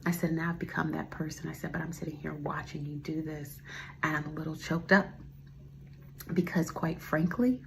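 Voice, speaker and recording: A woman's voice: sits low, normal speed, vocal fry, slight background noise. A woman in her forties hosting a podcast, rambling through a heartfelt personal monologue and dropping to a whisper at tender moments. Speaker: podcast host.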